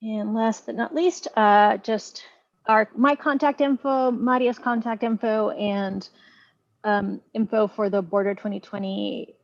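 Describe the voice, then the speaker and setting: A woman from a government agency giving an informative presentation in an online meeting, steady with some fillers. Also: mid-range voice, measured pace, dry recording, muffled recording. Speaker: EPA staff presenter. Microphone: video call.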